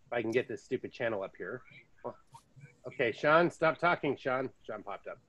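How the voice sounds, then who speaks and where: Chatty American male podcast host with a medium-pitched voice, storytelling with asides. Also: lively intonation, normal speed, a bit bright, dull audio. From United States. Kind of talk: casual chat.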